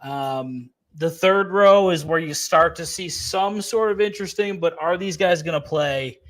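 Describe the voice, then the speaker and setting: A young man co-hosting a sports betting show, relaxed and swearing in casual chat. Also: fairly high pitch, unhurried. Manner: laid-back, swearing, laughs easily. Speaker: sports betting podcast co-host.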